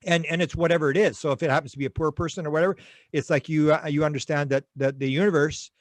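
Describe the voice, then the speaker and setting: A man's voice: on the high side, fairly even intonation, fast, no echo. A man being interviewed, telling stories in a rambling way with many restarts. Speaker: interview guest. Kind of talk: conversational interview.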